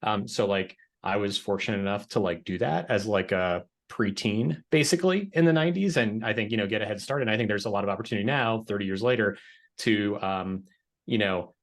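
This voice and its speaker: Male founder, 40s, low-ish, casual and filler-heavy, webinar guest. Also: a little fast. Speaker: company founder and educator. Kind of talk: webinar panel introduction.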